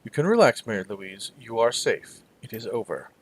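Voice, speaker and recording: A man voicing a stern, wealthy older father in a video game, speaking low and clipped. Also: sing-song, moderate pace, breathy edge, no room sound. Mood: soothing.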